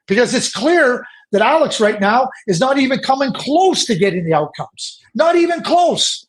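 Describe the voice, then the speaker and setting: A man's voice: very high-pitched, very animated, normal speed, few pauses. A man from Canada giving emphatic, opinionated hockey analysis as a podcast guest, often repeating words as he presses a point. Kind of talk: animated opinionated podcast talk.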